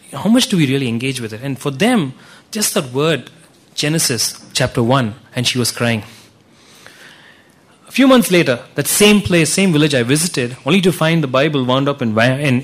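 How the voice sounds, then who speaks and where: A man giving an earnest church talk with slides, telling stories with frequent restarts. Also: medium pitch. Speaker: ministry speaker presenting to a church.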